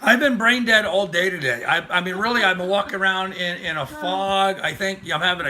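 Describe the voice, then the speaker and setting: A man's voice: sits high, a little fast, sharp tone. An older man hosting a casual live stream, rambling and chatty as he greets viewers by name. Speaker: livestream host.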